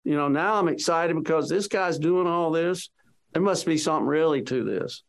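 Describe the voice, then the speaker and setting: A man's voice: on the high side, moderate pace, gravelly. A man as an interview guest, earnestly retelling a personal story and reliving the conversations in it.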